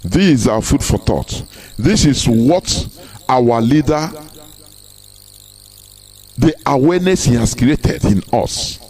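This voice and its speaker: A man's voice: mid-range voice, lively intonation, slow, long pauses, darkish tone, husky. A man with a Nigerian Igbo accent giving a live broadcast speech, emphatic and full of repeated rhetorical questions. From southeastern Nigeria. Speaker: activist broadcaster.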